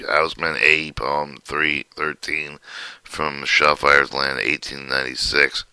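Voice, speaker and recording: Man with a super deep monotone voice reading a lesson out loud, bright and clean, keeps tripping on words and starting over. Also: clear, resonant tone, no room sound, rough recording. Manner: halting reading with frequent restarts and stumbles. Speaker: teacher reading a textbook chapter.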